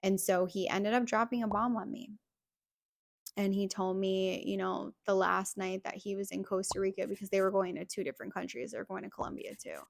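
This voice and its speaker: Briskly and in a level tone, a young podcast host shares a personal story, chatty and full of "like" fillers. Her medium-pitched voice has vocal fry, and the studio-quality recording is dry.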